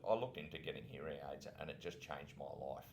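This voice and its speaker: A very deep-voiced Australian man in his forties, a former cop swapping stories on a podcast. He repeats words as he finds his way and chuckles along. A faint low rumble sits in the background. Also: fast. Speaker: podcast co-host, former police officer. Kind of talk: casual chat.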